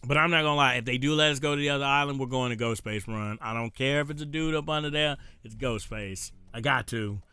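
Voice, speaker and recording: Man, country accent, casual stream chatter, smooth clear voice, faint music behind. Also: mid-range voice, bright, forceful tone, dry recording. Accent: rural American country accent. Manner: rambling, frequent "uh" pauses, easy laughs. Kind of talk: casual gameplay stream commentary.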